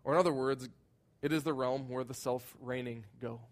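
A man preaching a sermon, earnest and emphatic, his voice swelling loud at high points and sinking soft and low at others. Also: fairly even intonation, normal speed. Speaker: pastor.

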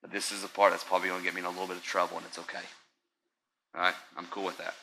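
Delivering his sermon conversationally, this pastor keeps checking in with the congregation while alternating between quiet, slow stretches and loud, excited bursts. His voice sits low and sounds creaky, with poor audio and a little background noise.

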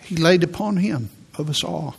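A man giving a sermon as a pastor, preaching in a church with slow, emphatic delivery and repeated key words. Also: a little high, creaky, husky. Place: church sanctuary.

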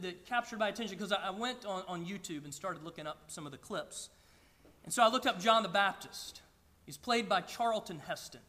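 A man's voice: high-pitched, bright, forceful tone, in a large hall. A man preaching a sermon to a congregation, earnest and often stammering through restarts. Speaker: pastor. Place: church sanctuary with a congregation.

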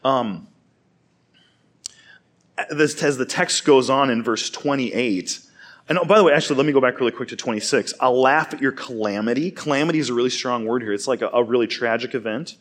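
A man's voice: medium pitch, fairly quick. A man giving a sermon, telling a funny personal story in a casual, chatty way. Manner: casual, chatty, laughs through his story. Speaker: preacher.

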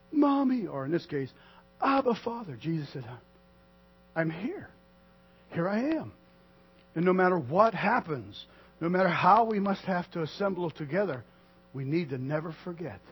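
High-voiced husky man preaching. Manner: conversational, swings from soft to loud, acts out quotes. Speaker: pastor. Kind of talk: sermon. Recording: dull lo-fi sound with mains hum.

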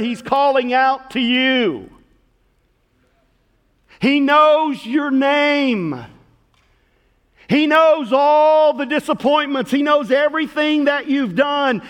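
A middle-aged man preaching as pastor to a congregation in a church, swinging between loud calls and hushed words. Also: extremely high pitch. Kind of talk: sermon. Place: church sanctuary. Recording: long hall reverb.

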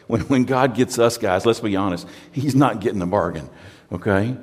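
A man's voice: fairly low pitch, brisk, a little mellow, big-room sound. A pastor from the United States preaching a sermon in a conversational, storytelling way, often repeating words as he restarts.

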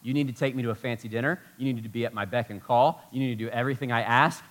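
A man voicing a demanding wife during a sermon, listing demands quickly and insistently. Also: medium pitch, fairly bright tone, natural voice.

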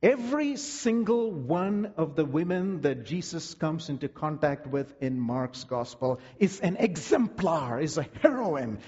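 A male preacher with a husky, slightly high voice that swings widely as he tells the story dramatically. He stretches key words for effect. The recording is dull and lo-fi. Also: animated, unhurried, darkish tone, big-room sound. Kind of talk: sermon.

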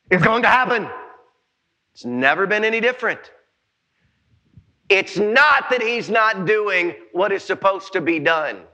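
Man in his forties, pastor, very high voice, sharp bright tone, shouting sermon. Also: dull audio. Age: 40s. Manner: animated, shouting in bursts, joking with the congregation.

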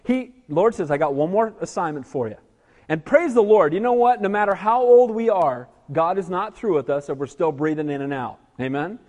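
A man's voice: high voice, normal speed, few pauses, darkish tone. A male pastor preaching an evening sermon, emphatic and calling for amens from the congregation. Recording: echoey hall reverb.

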